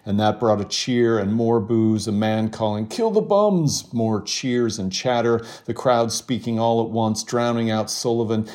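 A novelist guest with a lowish voice reads from his novel in a steady, measured way, then chats during an interview.

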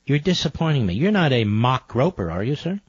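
A man's voice: mid-range voice, big pitch swings, a little fast, slightly rough, no room sound. A man hosting a talk radio show and taking calls, combative, sarcastic and emphatic. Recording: dull lo-fi broadcast audio.

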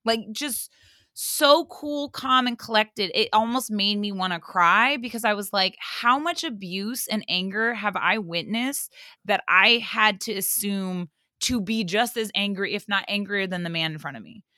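A young woman hosting a podcast, telling a story in casual chat, animated, full of fillers and swearing. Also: mid-range voice, measured pace, no room sound, clean studio sound. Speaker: podcast host.

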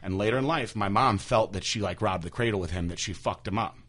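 A young adult man hosting a podcast, telling stories in a candid, crude way and slipping into animated impressions of the people he quotes. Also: fairly low pitch, fast. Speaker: podcast host. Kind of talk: casual podcast chat.

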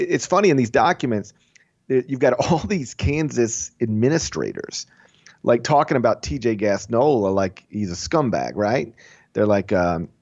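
A man hosting a casual sports podcast, animated and opinionated, often restarting phrases and putting on mock voices for others. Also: medium pitch, no echo. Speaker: podcast host. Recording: dull lo-fi sound.

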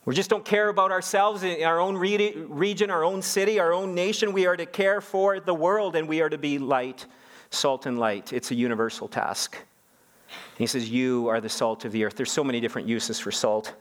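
A middle-aged man preaching a sermon as a pastor, animated, often repeating words and rising to emphatic peaks. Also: on the high side, normal speed.

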